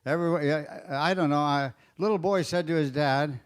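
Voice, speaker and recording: An older man telling stand-up jokes at a roast, with a halting, fumbling delivery full of fillers. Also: a little high, clear, resonant tone. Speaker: comedian at a roast. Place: banquet dais.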